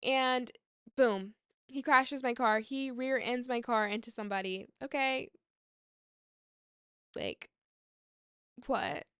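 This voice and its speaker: A woman in her twenties telling a casual storytime in an animated, swearing way, acting out the people she quotes. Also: fairly high pitch, a little slow, clear, resonant tone, no echo, studio quality. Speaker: vlogger.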